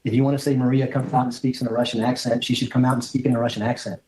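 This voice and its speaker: A man questions a witness in a courtroom at a rapid clip. He keeps pressing with short, pointed follow-ups, and his voice sits at an ordinary middle pitch. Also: level tone, darkish tone, slightly rough. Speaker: prosecutor. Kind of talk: courtroom cross-examination.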